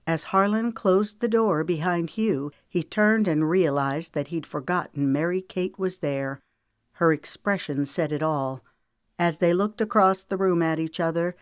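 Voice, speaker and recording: A woman's voice: low-pitched, dry recording. Woman narrating a novel, dry close sound. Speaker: author narrating her novel. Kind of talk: audiobook narration.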